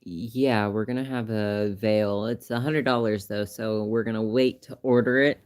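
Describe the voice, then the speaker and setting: A man hosting a casual livestream who chats loosely, laughs often and grows animated when he retells a story. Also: lowish voice, normal speed, clear, resonant tone. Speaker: livestream host.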